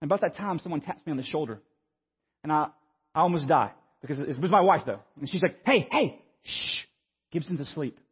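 A man, preaching a sermon and telling a story in an animated, stammering, self-mocking way. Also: fairly high pitch, quick pace, slightly rough. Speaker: pastor. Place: church sanctuary. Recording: muffled sound with long hall reverb.

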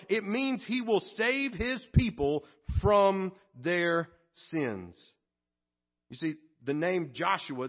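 A man's voice: high-pitched, highs cut off. A male pastor preaching a sermon at a church worship service, earnest and conversational, with frequent restarts and asides.

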